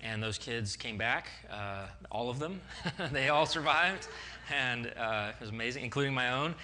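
A man in his forties, a pastor telling a personal story in a sermon, acting out scenes with growing excitement. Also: moderate pace, a little hiss or hum. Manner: animated, acts out stories, excitable with rising pitch.

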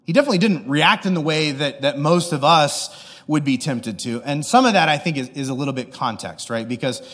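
A man's voice: on the high side, brisk, a bit bright, in a large hall. A man pastor giving a casual, joking sermon, often checking in with the audience. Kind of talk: conversational sermon.

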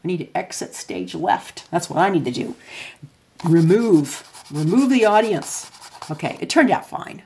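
A chatty woman talking through a casual podcast monologue. Her voice sits a little on the low side, and she laughs easily as she rambles along. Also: big pitch swings, a little slow, a little mellow. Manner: chatty, self-described extrovert, laughs often. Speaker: podcast host.

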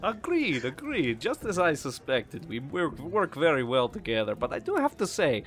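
A man's voice: on the high side, huge pitch swings, moderate pace, fairly bright tone. A man voicing a haughty male adventurer who speaks to his young ward with lofty, slightly condescending approval. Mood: approving.

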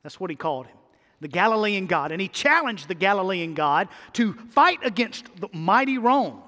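High-voiced man preaching in a reverberant hall. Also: expressive, moderate pace, sharp tone. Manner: emphatic preacher, repeats key phrases. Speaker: pastor. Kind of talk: sermon.

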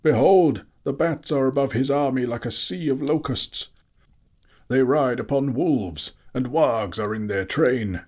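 A man voicing a stern, commanding old male wizard with booming, urgent warnings in an audiobook. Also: measured pace, a little mellow, lightly acted. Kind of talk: audiobook character voice.

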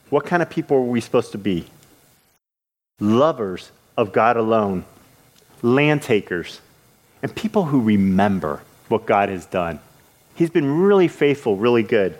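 A man preaching a sermon in an earnest way, with halting restarts, his voice rising when he retells scripture scenes. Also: mid-range voice, big pitch swings, darkish tone.

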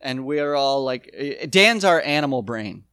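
A man co-hosting a casual podcast chat about a sitcom episode, animated and quoting the characters as he goes. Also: mid-range voice, a little slow, smooth, dry recording, studio quality. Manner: animated, quotes characters, restarts often. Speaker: podcast co-host.

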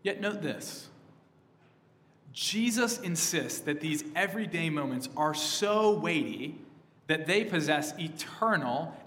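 Male pastor, sermon, bright forceful tone, slightly higher voice, echoing hall, urgent emphatic delivery. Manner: emphatic preaching, surging louder on key phrases and dropping soft on others.

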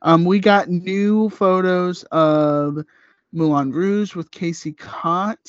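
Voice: mid-range voice, fairly even intonation, slow, no room sound. Casting: upbeat podcast co-host, news roundup with fillers, dry dull lo-fi audio. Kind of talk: casual chat.

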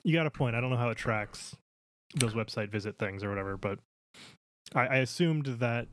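A man's voice: medium pitch, fairly bright tone, a little hiss or hum. Wry young man co-hosting a podcast. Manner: chatty, wry, quick to laugh. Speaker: podcast co-host. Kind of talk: casual podcast chat.

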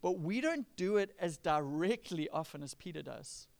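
Gravelly-voiced man preaching conversationally. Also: a little high, expressive, moderate pace. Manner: conversational preaching, acts out quoted lines with rising emphasis. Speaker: pastor. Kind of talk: sermon.

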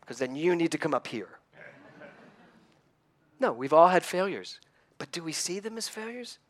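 This church speaker is a man in his sixties whose fairly high voice moves through big pitch swings at a normal speed. His sermon is conversational, earnest and personal, slightly emotional, built on stories and questions aimed at his listeners.

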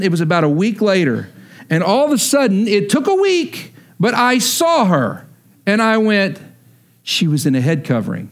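High-voiced man preaching a sermon. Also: big pitch swings, moderate pace. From Texas. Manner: storytelling, building to emphatic preaching. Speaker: pastor.

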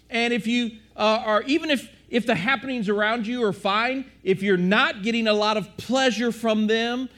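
Male preacher, high voice, questions the congregation, restarts a lot. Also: a bit bright. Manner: questioning the audience, repetitive restarts. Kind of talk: sermon.

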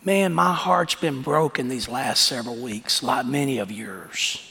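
A man's voice: mid-range voice, measured pace, vocal fry, sharp tone, breathy edge. A man preaching a sermon as pastor, with impassioned, folksy storytelling. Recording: echoey hall reverb.

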